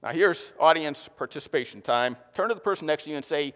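Joking preacher in a reverberant hall. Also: male voice, a little high, fast, few pauses. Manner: joking, lively preaching with audience asides. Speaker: pastor. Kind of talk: sermon. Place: church hall.

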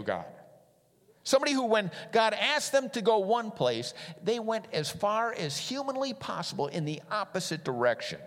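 A middle-aged man preaching a sermon as a pastor, animated and swinging between loud emphatic lines and quiet ones. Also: a little high, moderate pace. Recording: long hall reverb.

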